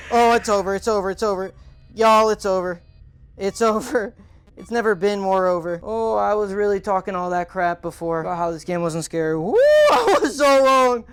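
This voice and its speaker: Woman, gaming host, live horror game reactions, jumpy exclamations, casual slang, mid pitch. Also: clean tone. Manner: jumpy, exclaiming, frequent frightened outbursts; talks to chat, casual slang.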